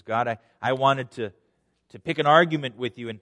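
A man preaching a sermon, dropping to a hush and then rising loud and high for emphasis, acting out scripture voices. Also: a little fast. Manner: dramatic swings from hushed to loud, voicing scripture quotes. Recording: long hall reverb.

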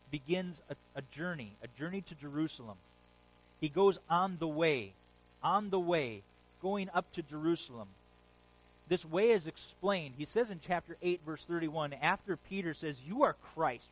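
Animated man preaching, fairly high voice. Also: moderate pace, rough recording. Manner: animated storytelling, paraphrasing scripture in casual modern speech. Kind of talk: sermon.

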